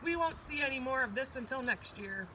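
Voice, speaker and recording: A woman's voice: sits high, expressive, fairly quick, sharp tone, slight background noise, low-quality recording. A woman doing a cranky grumbling storybook rabbit. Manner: grumbling, sulky. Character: grumpy complaining rabbit, small, cranky.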